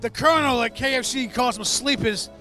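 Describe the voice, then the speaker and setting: A male co-host doing a rowdy comedic bit, joking and shouting directions. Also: very high voice, brisk, soft background music.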